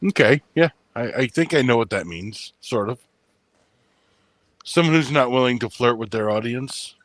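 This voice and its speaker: A man's voice: medium pitch, animated, normal speed, fairly bright tone, no echo. A man hosting a casual podcast chat, rambling and self-mocking, laughing often. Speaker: podcast host.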